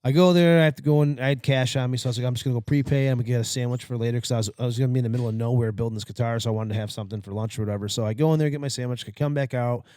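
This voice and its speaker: A man co-hosting a podcast, telling a story in casual chat, profane and animated, acting out what people said. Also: mid-range voice, very fast, hardly any pauses, no echo, studio quality. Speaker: podcast co-host.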